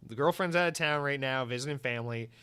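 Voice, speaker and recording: A man's voice: medium pitch, quick pace, sharp tone, clean tone, no echo. Rambling, profane male podcast host. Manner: rambling, profane, comic exaggeration. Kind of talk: solo podcast monologue.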